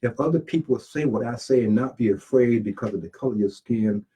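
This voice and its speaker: A man's voice: medium pitch, fairly quick, warm tone, slightly rough, poor audio. A man talking casually about his books and life in a rambling, plain-spoken monologue with preachy asides. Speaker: self-published author and channel host.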